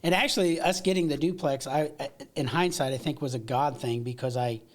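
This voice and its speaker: A middle-aged American man telling stories from his past in a casual interview, animated and full of restarts and laughs. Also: medium pitch, a little fast. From United States. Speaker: podcast guest.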